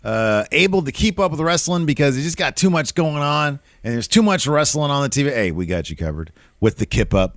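A man's voice: medium pitch, lively intonation, fairly quick, few pauses, a bit bright, no room sound, studio quality. A man co-hosting a wrestling podcast, recapping a show in a casual chat and laughing often.

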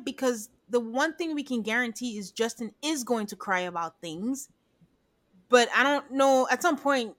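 A woman with a clear, bright and forceful tone talks through a reality episode in a loose, chatty way. She gets animated as she retells scenes and slips into the voices of the people she quotes. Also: on the high side. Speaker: podcast co-host. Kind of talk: casual recap chat.

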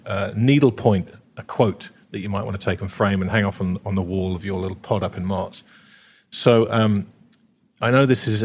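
A man's voice: lowish voice, slightly rough. A man hosting a podcast interview, upbeat and jokey as he moves between questions. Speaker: podcast host. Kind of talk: casual interview chat.

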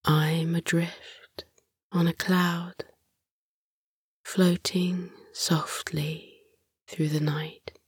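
Woman narrator, whispered bedtime story, very slow, breathy, close dry mic. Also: on the low side, level tone, dry recording. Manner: slow, soothing, lulling. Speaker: sleep meditation narrator.

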